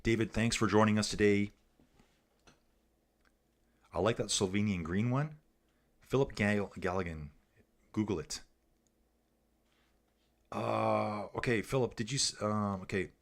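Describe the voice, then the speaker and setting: A man's voice: on the low side, unhurried, creaky, long pauses. A man hosting a casual livestream, giving race commentary and reading viewer comments aloud in a chatty, joking way.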